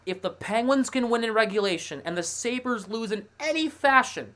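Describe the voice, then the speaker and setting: A man hosting a casual live sports stream, thinking aloud in a chatty, excitable way. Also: very high voice, normal speed. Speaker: livestream host.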